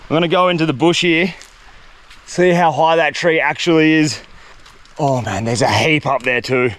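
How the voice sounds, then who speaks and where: Exploring a tropical jungle alone, a young survival vlogger narrates straight to the camera at a moderate pace. His voice is a little high for a man, and his loose, slangy talk keeps spilling into excitement, with a faint hiss or hum in the audio.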